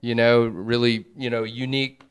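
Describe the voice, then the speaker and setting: A man's voice: mid-range voice, flat delivery, moderate pace, clear, resonant tone. A man speaking as an interview guest, eager and emphatic. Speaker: guest, cartoon creator. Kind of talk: interview chat.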